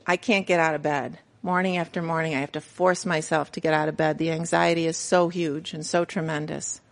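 A woman's voice: low voice, little pitch movement, a little fast, vocal fry. Candid middle-aged woman telling her story. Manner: candid, storytelling, self-mocking with laughs. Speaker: recovery meeting speaker. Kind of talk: personal testimony to a group.

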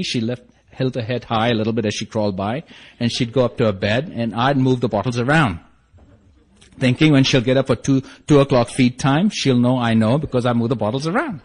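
A man tells his own story to a group in a wry, self-mocking way, slipping into the voices of the people he describes. His voice sits at an ordinary middle pitch. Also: a little fast. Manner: acts out quoted dialogue. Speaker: speaker sharing his story at a support meeting.

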